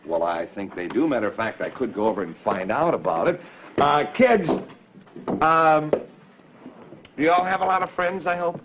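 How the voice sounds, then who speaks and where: A man's voice: a little high, normal speed, pauses often, background noise. A man hosting a 1940s children's television show, hearty and coaxing as he calls out to the kids. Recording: dull old 1940s TV recording.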